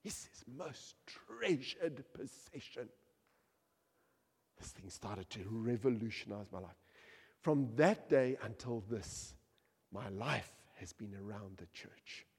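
A man preaching a passionate sermon, swinging from loud outbursts to hushed asides. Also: lowish voice, a little slow, husky, big-room sound. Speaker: pastor.

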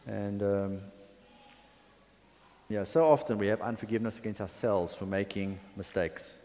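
A man's voice: on the low side, normal speed, dark tone. A man preaching a sermon in a conversational, chatty way, with asides and fillers. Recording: long hall reverb.

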